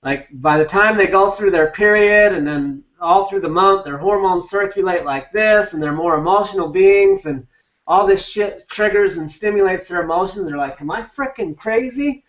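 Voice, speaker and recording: Speaking at normal speed in a voice that sits high with a fairly bright tone, a male relationship coach delivers a blunt, emphatic live talk with casual swearing. It comes over a video call, reverberant and captured as distant, dull lo-fi audio.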